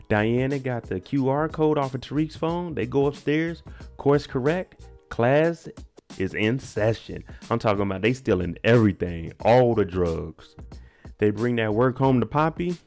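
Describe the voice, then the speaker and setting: A man casually recapping a TV episode, animated and acting out characters' lines in raised voices. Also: medium pitch, gravelly. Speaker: TV recap host. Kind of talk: casual show recap commentary.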